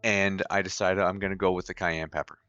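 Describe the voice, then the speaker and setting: A low-pitched man from Canada with a bright, forward tone co-hosts a casual charity stream. He is easygoing and tells stories with dry jokes, with faint music playing behind him. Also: little pitch movement, brisk, clean tone, no echo, muffled recording. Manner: easygoing, dry joking, storytelling. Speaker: co-host, host's brother. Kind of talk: casual charity livestream chat.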